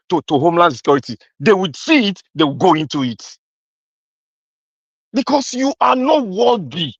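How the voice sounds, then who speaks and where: A man's voice: high-pitched, no echo, highs cut off. A man with a Nigerian accent delivering an angry, accusing political rant, repeating himself and slipping into pidgin. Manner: mixes in pidgin. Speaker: commentator.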